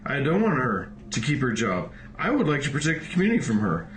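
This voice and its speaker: A man's voice: medium pitch, huge pitch swings, fast talker. A man on archival self-recorded audio, upset and tearful, talking in an emotional, unsteady way. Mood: bitter. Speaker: suspect in recorded messages.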